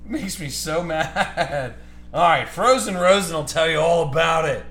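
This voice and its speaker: A man with a slightly high, very lively voice rants and fumes while calling out cards on a live stream. His pitch swings widely as he gets worked up. The room is echoey, with faint music underneath. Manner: ranting, heated, fast-shifting. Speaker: card break host.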